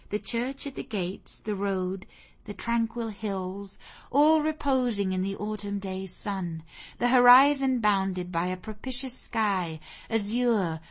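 An audiobook narrator with a fairly low-pitched voice reads a classic novel aloud. Her scripted narration is measured and expressive, in a storytelling manner.

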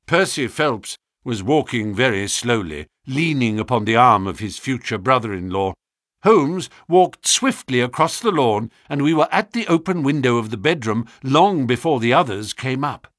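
A man giving scripted narration of a story in a measured storytelling manner. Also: mid-range voice, lively intonation, a bit bright, no echo, clean studio sound. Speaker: audiobook narrator.

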